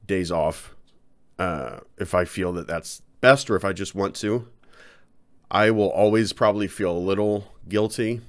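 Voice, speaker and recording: A man talking casually to his viewers in a personal vlog, rambling and self-deprecating, halting often with fillers. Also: sits low. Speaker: channel host.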